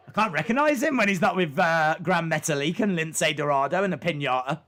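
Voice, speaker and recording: A man hosting a live stream, giving casual reaction commentary and jumping into excited, high-pitched exclamations and rhetorical questions. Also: brisk, hardly any pauses.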